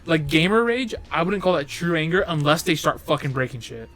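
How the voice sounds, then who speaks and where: A man's voice: fairly high pitch, expressive, brisk, fairly bright tone, faint music behind. A young man co-hosting a casual podcast, rambling and swearing through stories with frequent laughs. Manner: profane, rambling, laughing storyteller. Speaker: podcast co-host.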